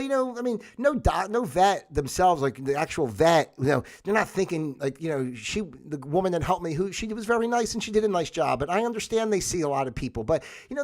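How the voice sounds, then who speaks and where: A man with a slightly high-pitched voice talks off the cuff on a livestream. He rambles and circles back with plenty of fillers, then gets heated and laughs at the absurdity. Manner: rambling and conversational, getting worked up and exasperated; laughs between points, frequent fillers. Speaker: livestream host. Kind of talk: casual monologue. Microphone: livestream microphone.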